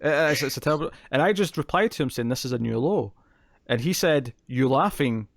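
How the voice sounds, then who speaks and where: A man's voice: on the high side, lively intonation, quick pace, creaky, no echo, studio quality. A man co-hosting a podcast in casual chat, rambling and laughing often. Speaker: podcast co-host.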